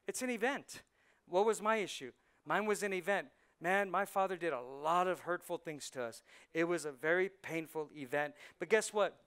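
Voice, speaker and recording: Male pastor, high and bright voice, chatty preaching that jumps from quiet asides to loud punchlines. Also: moderate pace, clean tone. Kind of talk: sermon. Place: church sanctuary.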